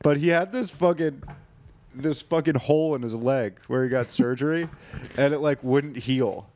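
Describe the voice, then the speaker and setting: A man's voice: medium pitch, moderate pace, a little mellow. A man in his twenties, a podcast co-host, telling a workplace story in casual, profane chat.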